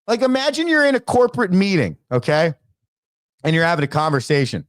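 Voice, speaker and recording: High, animated, ranting male sports host. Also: brisk, dry recording, clean studio sound. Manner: emphatic, exasperated, ranting. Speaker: baseball coach and show host. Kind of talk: casual sports commentary rant.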